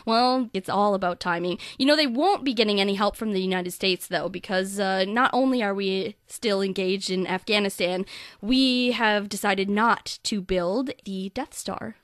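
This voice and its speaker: A woman's voice: mid-range voice, moderate pace, fairly bright tone, smooth, dry recording. Dry-witted young woman, dead-dry sound. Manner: dry, teasing comebacks. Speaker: co-host. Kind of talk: comedic news chat.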